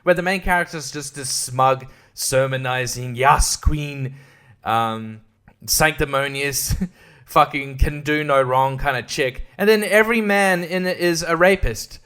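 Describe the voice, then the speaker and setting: A man with a fairly high voice rants about a movie on his podcast. He swears freely, laughs at his own jokes and mocks the characters with quick, sarcastic impressions. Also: fairly bright tone, clear, resonant tone. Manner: sarcastic, mocking impressions, profane, laughs often. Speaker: podcast host. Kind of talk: casual film review rant.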